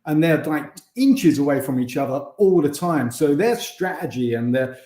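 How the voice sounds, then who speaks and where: A man's voice: fairly high pitch, lively intonation, moderate pace, warm tone, echoey room. An English man, a former racing driver, chatting as a guest over a video call and often restarting his sentences. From England. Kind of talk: casual interview chat.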